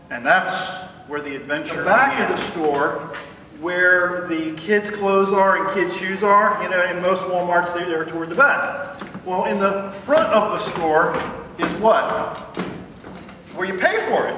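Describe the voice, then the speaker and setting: A middle-aged man, a guest speaker, telling an animated story to an audience and acting out phone calls. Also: high voice, a little hiss or hum. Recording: echoey hall, mic far off.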